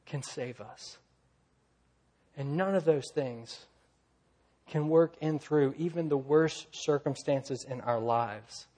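A man preaching a sermon, swinging from loud, lively storytelling to quiet, low emphasis. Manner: earnest preaching, rising loud in stories, dropping soft and low. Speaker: pastor.

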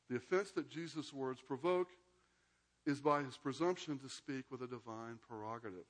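A man's voice: medium pitch, moderate pace. A man giving an informal lecture, explaining a text conversationally and often checking in with "right?", with some hesitant fillers. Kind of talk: informal lecture with scripture reading.

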